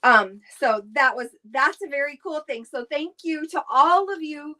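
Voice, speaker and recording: A woman's voice: high voice, measured pace, bright, forceful tone. A middle-aged woman, chatting on a live stream, rambling with many fillers and restarts as she greets viewers. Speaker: direct seller hosting a weekly live stream.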